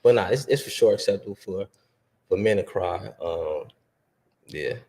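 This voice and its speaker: A man in his twenties speaks as a podcast guest, his voice on the low side. He talks in a laid-back, hesitant way, filling pauses with many fillers. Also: vocal fry, warm tone. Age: 20s. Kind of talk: casual podcast chat.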